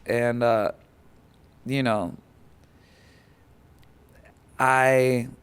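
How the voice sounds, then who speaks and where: A man guest on a podcast, telling an emotional personal story in an animated way, full of fillers, acting out quoted voices. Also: mid-range voice, very slow, smooth.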